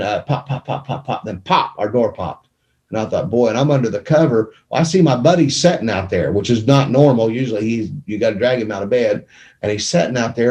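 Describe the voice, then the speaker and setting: Man, middle-aged, dark mellow voice, emotional storytelling, studio mic. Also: on the low side. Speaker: guest telling his testimony. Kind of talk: conversational testimony. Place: small media studio. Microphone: studio microphone.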